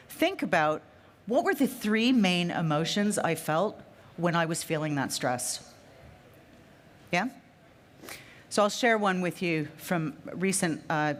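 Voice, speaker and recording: A woman in her fifties giving a conference talk to a live audience, emphatic and fond of repeating her key phrases. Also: fairly low pitch. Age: 50s. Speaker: speaker at a trade fair session.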